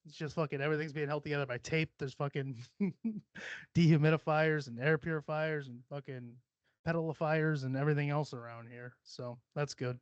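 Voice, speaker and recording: A man's voice: a little high, steady tone, fairly quick, clean tone, dry recording, dull audio. A young adult man hosting a casual solo podcast from a cluttered home room, blunt, profane and rambling as he jokes. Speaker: podcast host.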